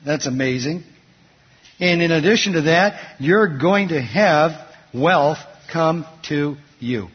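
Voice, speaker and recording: A man's voice: a little high, animated, slow, slightly rough. A man preaching a sermon, asking the congregation to fill in words and telling stories from his week. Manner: asks the congregation fill-in questions. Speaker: pastor. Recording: dull sound, long hall reverb.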